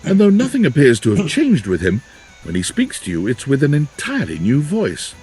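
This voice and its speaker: A calm game narrator who reads the scene in the second person. His voice is husky and mellow. Light music runs beneath it. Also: medium pitch, brisk, full character voice. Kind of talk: scripted narration.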